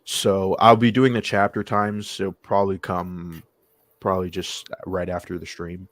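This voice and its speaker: Male host, very low voice, dry sound, laid-back, hesitant. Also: flat delivery, unhurried, a bit bright, dry recording. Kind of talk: casual chat.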